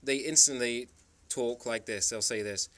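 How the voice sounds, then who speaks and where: Smooth-voiced man from the Isle of Man. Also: mid-range voice, unhurried, a bit bright. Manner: rambling, emphatic storytelling with frequent restarts. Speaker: travel vlogger. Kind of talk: casual monologue.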